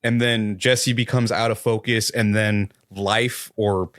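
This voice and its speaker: A man's voice: lowish voice, steady tone, takes it slowly, fairly bright tone, no room sound, clean studio sound. A man co-hosting a casual film review chat, musing on the film's themes in a hesitant, reflective way. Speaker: podcast co-host.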